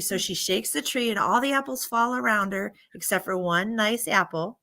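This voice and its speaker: A woman's voice: medium pitch, normal speed, hardly any pauses, sharp tone. A woman casually retelling a bedtime story on a live stream, rambling with laughing asides. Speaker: livestream host.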